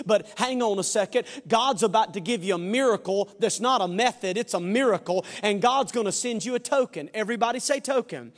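A man preaching a sermon in a church sanctuary. He is fervent and folksy, jokes with the room, and swings from shouted peaks to quiet asides. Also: high voice. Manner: folksy, joking. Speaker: pastor. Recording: long hall reverb.

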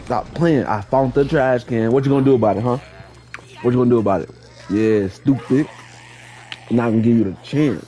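A man giving live gameplay commentary, playfully trash-talking enemies and repeating excited catchphrases. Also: medium pitch, fairly quick. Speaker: gaming streamer.

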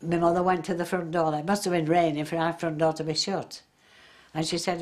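A woman's voice: low voice, fairly quick. An older woman, chattily recalling the past in an interview and acting out what others said. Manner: chatty storyteller, acts out quoted voices. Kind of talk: reminiscing interview.

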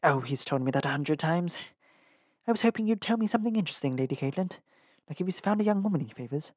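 A man's voice: a little high, lively intonation, quick pace, a little mellow, no room sound, clean studio sound, pitched above the performer's own voice. A man voicing a chatty, gossiping queen who confides eagerly. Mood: gossipy.

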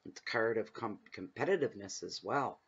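A man's voice: fairly low pitch, lively intonation, brisk, fairly bright tone, breathy edge, dull audio. A man giving a casual tarot reading at home, talking in a rambling, chatty way that drifts into personal stories. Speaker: tarot reader. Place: home room at night, windows open.

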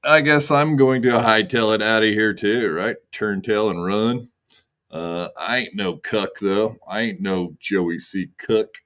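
A man's voice: on the low side, a bit bright. A man hosting a livestream, signing off in a laid-back way with crude jokes. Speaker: streamer host. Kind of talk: casual livestream sign-off.

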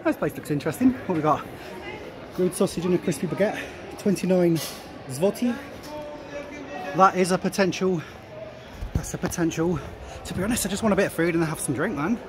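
This male travel vlogger has a high-ish voice and talks fairly quickly with long pauses, joking and laughing as he walks a busy night-time city street. He swears casually, filming on a handheld camera while crowds and traffic bustle around him.

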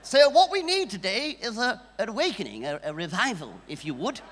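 A man's voice: high voice, very animated, brisk, a bit bright, full character voice. A man preaching in church, putting on the voice of a reserved, stuffy middle-class Englishman in a prim, understated tone. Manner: prim, understated, mock-dignified. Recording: long church hall reverb.

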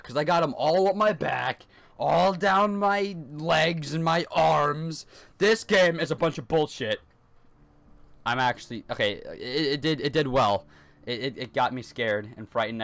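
He's a teenage gaming YouTuber whose voice is medium in pitch and fairly bright. Running through a horror game in his hot bedroom, he keeps up a nervous, repetitive stream of self-talk.

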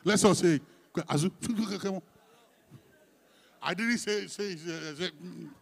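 A male pastor, leading his congregation through a scripture reading, teasing them between soft asides and loud, emphatic lines. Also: high-pitched, slow, creaky. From Ghana. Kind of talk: sermon with congregational call-and-response. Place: church sanctuary.

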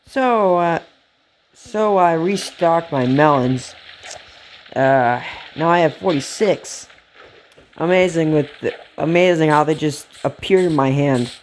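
A man giving casual, rambling commentary while playing a game, gasping and getting excited at cute animals. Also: on the high side, takes it slowly, slight background noise. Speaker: let's play gamer.

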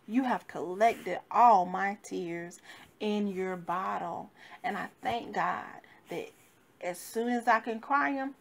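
Fervent woman minister preaching. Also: mid-range voice. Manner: fervent, rising and falling with emphasis. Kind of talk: devotional sermon.

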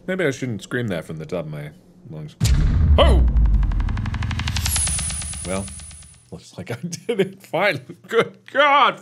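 A man giving let's play commentary as a gaming host, switching between loud theatrical shouts and low muttered asides. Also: huge pitch swings, a little slow, pauses often, slightly rough.

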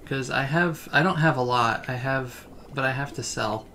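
A man's voice: medium pitch, normal speed, pushed and bright, a little hiss or hum. A man chatting casually on a livestream while playing a game, laid-back and rambling. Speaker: game streamer. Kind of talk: relaxed livestream chat.

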